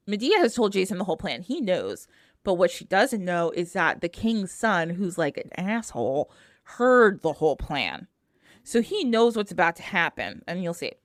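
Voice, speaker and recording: A woman's voice: mid-range voice, fairly bright tone, dry recording, clean studio sound. Slangy, laughing woman storyteller. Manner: slangy, laughing, acts out characters. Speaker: podcast co-host. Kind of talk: casual myth retelling with voiced quotes.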